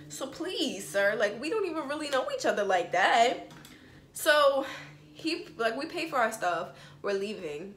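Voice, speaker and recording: A young woman tells a story to her viewers in a loose, chatty way, full of quick asides. Her voice sits in a middle range. The room is echoey, with a faint hum behind her. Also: mid-range voice, fairly bright tone. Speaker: vlogger. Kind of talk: storytime vlog, casual chat.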